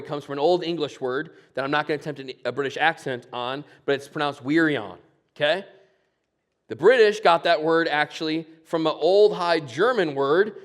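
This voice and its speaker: A man with a fairly high voice preaches a sermon in church. He is earnest, pressing some points loudly and then dropping to a hushed, almost whispered tone. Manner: earnest preaching with sharp swings from loud emphasis to hushed near-whisper. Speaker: pastor.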